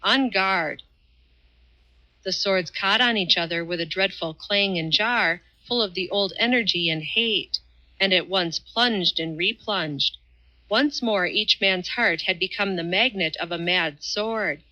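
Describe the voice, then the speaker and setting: A woman narrating an audiobook in a measured, even reading. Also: on the low side, rough recording. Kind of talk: scripted narration.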